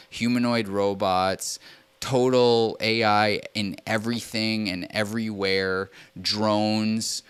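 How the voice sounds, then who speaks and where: A man's voice: lowish voice, fairly bright tone, clear, resonant tone. A man streaming a casual political rant, rambling and profane, with restarts and acted-out quotes.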